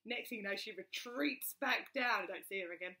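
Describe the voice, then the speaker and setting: Woman, 30s, casual vlogger, animated storyteller, crisp bright tone. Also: medium pitch, brisk. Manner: chatty, animated retelling with many fillers. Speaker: mother telling her birth story. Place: at home with her young child.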